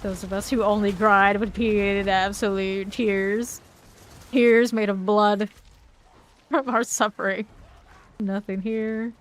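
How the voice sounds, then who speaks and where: A woman's voice: medium pitch, little pitch movement, slow pace, a bit bright. A woman streaming a game, chatting casually with viewers, laughing often and reading their messages aloud. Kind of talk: casual gameplay chat. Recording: faint background noise.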